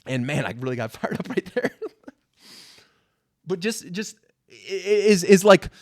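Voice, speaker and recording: Young male podcast host, high voice, dry close sound, fervent exhorting faith talk. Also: animated, measured pace, no room sound. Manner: fervent, exhorting, repeats words when stirred. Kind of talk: impassioned Christian motivational talk.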